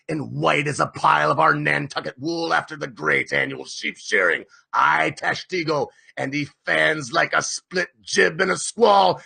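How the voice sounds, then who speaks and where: A man voicing a fierce, obsessed old whaling captain who rants in booming, half-sobbing shouts. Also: vocal fry, husky, exaggerated voice. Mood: frenzied.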